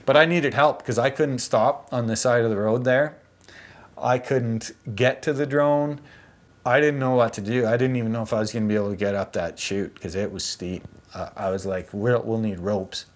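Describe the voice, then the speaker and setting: Casual male vlogger, mid-pitched, chatty and animated, loose slangy storytelling. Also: moderate pace.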